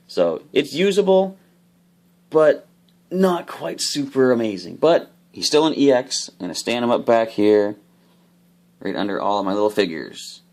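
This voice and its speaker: A man casually opening trading card packs, explaining each card's rules with bursts of excitement. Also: medium pitch, a little slow. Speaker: card unboxing host. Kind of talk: casual unboxing commentary.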